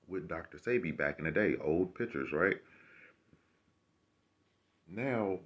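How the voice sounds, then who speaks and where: A man's voice: lowish voice, slightly rough. A man vlogging to camera, ranting casually with rambling, profane and sarcastic remarks.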